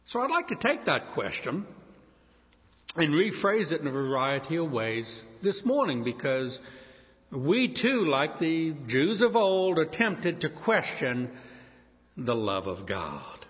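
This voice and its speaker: A male pastor preaching a sermon with a dramatic delivery, slowing down to stress key words. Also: a little high, big pitch swings. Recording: long reverb, dull lo-fi sound.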